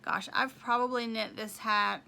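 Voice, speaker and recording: A woman's voice: fairly high pitch, steady tone, unhurried, gravelly, sharp tone. A woman hosting a knitting video podcast, chatting casually and rambling as she shows off her projects and counts squares aloud. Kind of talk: casual show-and-tell chat.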